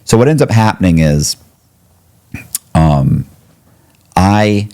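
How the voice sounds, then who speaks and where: Deep, mellow-voiced man telling a story. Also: animated, slow. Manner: rambling, profane, slangy, many restarts. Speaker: interview guest. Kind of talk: casual storytelling interview.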